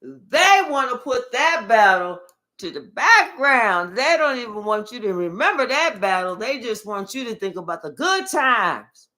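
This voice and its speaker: A woman doing a casual spiritual reading, her voice bright and sharp and fairly high. She talks in a playful, profane and animated way. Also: unhurried. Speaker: spiritual tarot reader.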